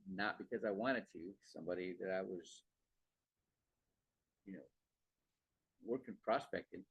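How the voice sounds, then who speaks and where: A man's voice: low voice, measured pace, creaky, husky, dry recording. A man hosting a podcast, talking casually about sales in a rambling way, repeating words and checking in with "okay" and "right". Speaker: podcast host. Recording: dull, dry lo-fi sound.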